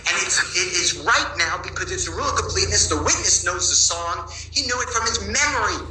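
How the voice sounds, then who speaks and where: A man's voice: high voice, expressive, fairly quick, noisy background. Insistent male lawyer in an echoey courtroom. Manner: insistent, pleading, repeats his points. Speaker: defense attorney. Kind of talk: courtroom argument to a judge.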